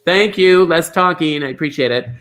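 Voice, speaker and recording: A middle-aged man chats his way through a live online bingo show, effusive and gushing as he greets viewer after viewer. His voice sits a little high and rings very bright and forward. He leaps into sudden high squeals on the names he loves. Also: moderate pace.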